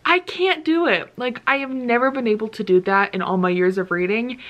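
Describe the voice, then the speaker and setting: A woman with a fairly high voice chats excitedly about books from her home. She gushes, piles on filler words and keeps the tone casual and friendly. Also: a little fast, dull audio. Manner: gushing and excitable, many "like" fillers. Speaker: book vlogger. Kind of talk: casual vlog chat.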